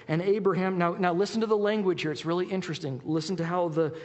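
A male pastor preaching a sermon and reading scripture, talking quickly and animatedly, with frequent restarts. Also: sits high, a little mellow. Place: warm church hall. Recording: reverberant hall.

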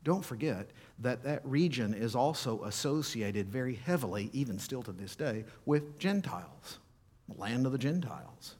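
A man preaching a sermon, reading scripture aloud with feeling and emphasis, slowing for dramatic pauses. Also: medium pitch, expressive, darkish tone.

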